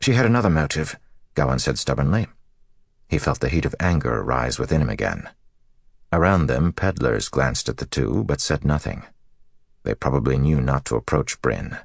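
Deep gravelly guy narrating a fantasy book, steady and even, dry audio. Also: moderate pace, no echo.

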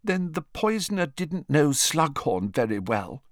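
A man's voice: on the high side, big pitch swings, unhurried, no room sound, clean studio sound, voice pushed up. A man voicing a clever teenage girl who sounds congested and broods as she reasons. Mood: brooding. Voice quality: congested, like a head cold.

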